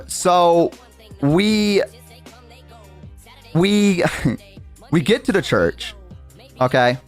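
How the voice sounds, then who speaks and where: A young male streamer telling a story in a loose, rambling way, full of fillers and casual swearing. His voice sits a bit high and swoops around a lot. Faint music plays behind him.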